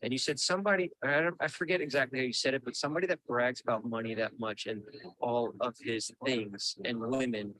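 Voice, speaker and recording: A man's voice: mid-range voice, poor audio. Rambling man with a Staten Island accent. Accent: Staten Island New York. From Staten Island, New York. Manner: relaxed, rambling, profane. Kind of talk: casual podcast chat.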